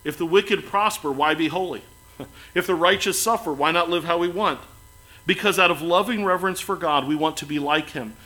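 A man preaching a sermon as pastor, earnest, building to emphatic lines and then dropping soft and quiet. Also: fairly high pitch, moderate pace, rough recording.

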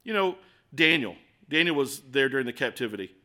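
Animated, bright-voiced male preacher. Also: medium pitch, fairly quick. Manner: conversational, animated preaching with acted asides. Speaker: pastor. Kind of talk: sermon.

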